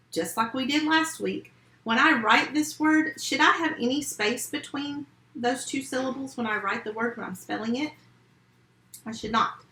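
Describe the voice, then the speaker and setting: A woman's voice: fairly high pitch, bright, forceful tone, roomy sound, rough recording. A woman teaching a remote phonics lesson to first graders, walking through each sound and word step by step with patience. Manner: slow, patient step-by-step instruction.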